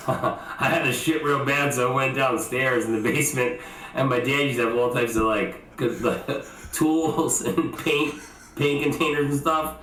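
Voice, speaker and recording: A man on a podcast telling crude childhood stories in casual chat, animated and laughing, acting out loud quotes. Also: medium pitch. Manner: animated storyteller who laughs and acts out shouted quotes. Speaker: podcast co-host. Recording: echoey room with faint background noise.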